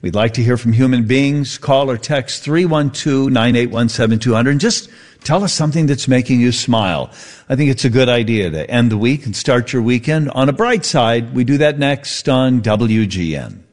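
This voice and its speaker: A man's voice: medium pitch, normal speed. Chatty male radio host telling a story. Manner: storytelling, mimics voices for effect. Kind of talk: casual radio chat. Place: radio studio.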